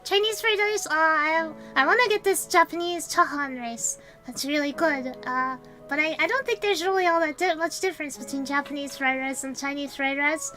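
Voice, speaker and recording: High, bright-voiced woman streamer chatting. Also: moderate pace, few pauses, soft background music, rough recording. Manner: chatty, giggly, rambling, answers chat. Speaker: VTuber streamer. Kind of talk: casual livestream chat.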